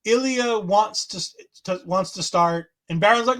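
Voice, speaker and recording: A man with a notably high voice, talking as a podcast host. He recaps events in a lively, enthusiastic way. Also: normal speed. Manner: enthusiastic, acts out quotes in voices. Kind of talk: casual wrestling recap chat.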